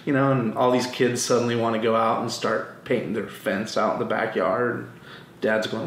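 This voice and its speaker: Pastor preaching in a roomy church. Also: male voice, medium pitch, moderate pace, slight background noise. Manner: animated storytelling, acts out quotes. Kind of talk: sermon. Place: church sanctuary. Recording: roomy church with faint ambience.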